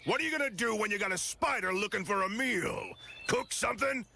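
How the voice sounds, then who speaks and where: A man voicing a gruff male soldier bee in a cartoon, with a barking, mocking delivery. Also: sits high, brisk, bright, forceful tone, slight background noise, exaggerated voice.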